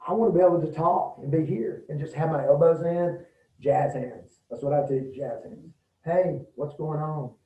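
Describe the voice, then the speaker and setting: A middle-aged man giving a casual, folksy self-defense talk to a group, often acting out quick quoted lines. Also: fairly high pitch, warm tone. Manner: folksy, demonstrative, acts out quick quoted bits. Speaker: martial arts instructor. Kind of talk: casual safety talk to an audience. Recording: roomy, distant, dull lo-fi sound.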